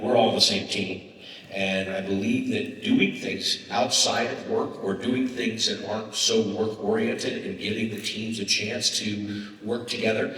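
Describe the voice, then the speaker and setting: A man from northern California speaks as the keynote guest in an onstage conversation. He tells stories in an animated, emphatic way, and his fairly low voice comes across forceful. It sounds from far off in a big, echoey conference hall with long reverb. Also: a little hiss or hum. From Humboldt, northern California.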